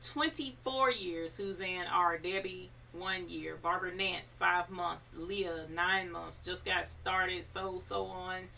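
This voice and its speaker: A woman's voice: fairly low pitch, steady tone, slow, creaky, hardly any pauses, pushed and bright, distant mic, slight background noise. A woman hosting a casual live stream, chatty and encouraging, reading viewer comments aloud. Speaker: embroidery channel host.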